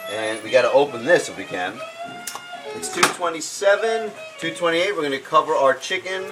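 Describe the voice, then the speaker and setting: Casting: male home-cook host, joking, loud catchphrases, clear music underneath. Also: a little high, expressive, moderate pace, rough recording. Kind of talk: casual live cooking show. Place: home kitchen with pan sizzling.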